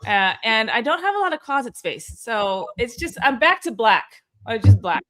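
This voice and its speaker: A woman with a slightly high, bright-sounding voice hosts a weekly company call. She chats in a loose, upbeat way, stumbling over fillers and restarting her sentences. She talks into a video-call mic. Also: very animated, normal speed. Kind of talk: casual livestream chat.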